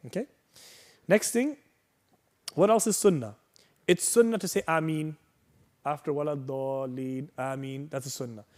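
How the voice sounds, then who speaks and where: A man's voice: fairly high pitch, big pitch swings, normal speed, pauses often, a little mellow. A man teaching a workshop on prayer, explaining patiently and reassuringly, reciting Arabic phrases and checking in with "right?" and "okay?". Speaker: religious teacher.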